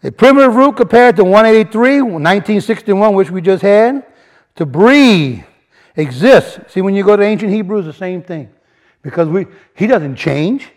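Animated man preaching, lively high voice. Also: normal speed. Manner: animated, repeats and restarts, rising emphasis, colloquial grammar. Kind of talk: sermon teaching from word studies.

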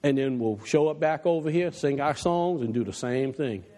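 A male pastor delivers an impassioned sermon, his voice swinging widely from low, hushed asides to soaring high exhortations. The reverb of a big church hall hangs behind every line. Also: animated, moderate pace. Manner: impassioned preaching, drops low for quoted advice. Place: church sanctuary.

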